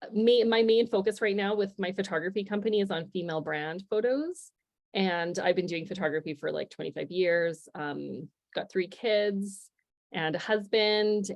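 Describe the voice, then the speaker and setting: Upbeat chatty woman in her forties. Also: lowish voice. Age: 40s. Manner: chatty and upbeat, laughs often. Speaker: guest presenter. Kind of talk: informal webinar presentation. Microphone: video call.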